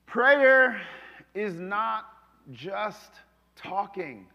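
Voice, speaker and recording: A man preaching a sermon, animated, moving between loud calls and hushed asides. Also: sits high, normal speed. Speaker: pastor. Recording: long reverb of a hall.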